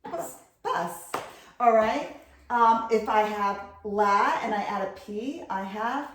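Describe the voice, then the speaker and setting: A woman's voice: mid-range voice, takes it slowly. Patient middle-aged woman tutoring reading. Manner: patient, clearly sounds out syllables. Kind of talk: instructional video talk. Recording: echoey room.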